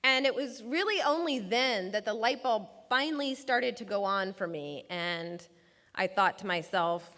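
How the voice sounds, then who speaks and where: A woman gives a prepared talk, telling a personal story and acting out the voices of the people in it. Her medium-pitched voice is expressive and fairly bright, her pace measured, and the recording has the long reverb of a large hall.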